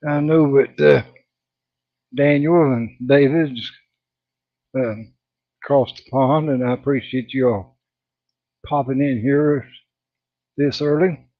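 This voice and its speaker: A man's voice: medium pitch, steady tone, slow pace, long pauses, dry recording, highs cut off. A man hosting a casual hobby livestream, out of breath, greeting viewers by name with lots of fillers.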